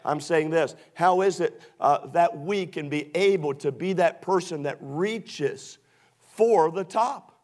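A male preacher delivering a sermon, emphatic and full of rhetorical questions, swinging from loud shouts to low quiet asides.

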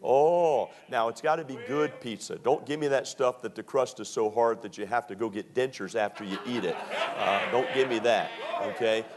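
A middle-aged man from Maryland preaching a sermon, telling stories with slow, drawn-out emphasis and many fillers. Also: mid-range voice, a crowd in the background. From Maryland, USA.

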